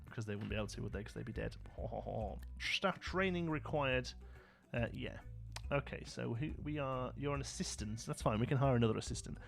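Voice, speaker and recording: A man's voice: medium pitch, brisk, vocal fry, soft background music. A man from Birmingham with a Brummie accent, hosting a live gameplay stream in a casual, chatty way, laughing often and answering viewer comments. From Birmingham, England. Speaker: livestream host.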